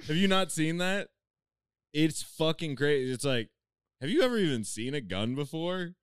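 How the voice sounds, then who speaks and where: A man's voice: a little high, very animated, normal speed, clean tone, no room sound, studio quality. A man in casual, profane podcast banter, joking and doing mocking impressions.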